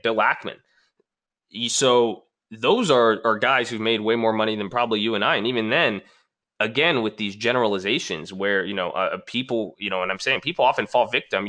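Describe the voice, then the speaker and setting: Bright-toned man rebutting viewer comments. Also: lowish voice. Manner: argumentative, reads viewer comments aloud and rebuts them. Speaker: trading channel host responding to comments. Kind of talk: casual talking-head response video.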